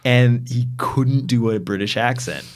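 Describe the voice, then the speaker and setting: A man's voice: mid-range voice, unhurried. A man talking casually about films on a podcast, enthusiastic and rambling, with many fillers. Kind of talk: casual film discussion.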